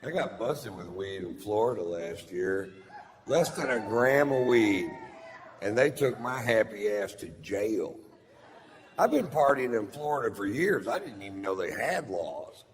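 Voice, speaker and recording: A middle-aged man, doing a stand-up set with drawling, deadpan storytelling and crude punchlines. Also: on the low side, a little slow. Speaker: stand-up comedian. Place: large theater stage with audience laughter. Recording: live hall recording with long reverb and audience noise.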